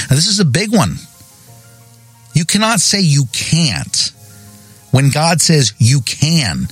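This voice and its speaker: A man with a slightly high voice, recorded without echo, hosts a devotional podcast sermon. He reads verses and presses listeners with pointed questions, emphatically repeating key phrases.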